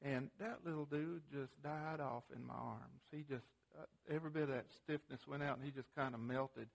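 A middle-aged man with a gravelly, medium-pitched voice teaches a parenting class, telling a family story in a plain-spoken, folksy way with casual grammar. He restarts haltingly when animated, and his folksy teaching talk includes audience questions.

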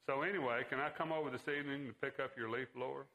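A man voicing a friendly, easygoing neighbor who gently persuades, in a read-aloud story. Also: mid-range voice, steady tone, fast, voice pushed up, low-quality recording.

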